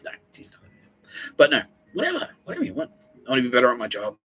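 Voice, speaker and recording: With a creaky, sharp mid-range voice that swings hugely in pitch, a man in his forties races through a rambling solo podcast, joking and swearing heavily. There's slight background noise and the recording is rough.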